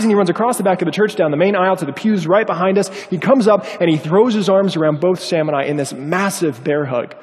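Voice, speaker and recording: With a fairly high voice that sounds like it fills a big room, this man delivers a sermon. He tells a story from his own life with animation, performing the voices of its characters.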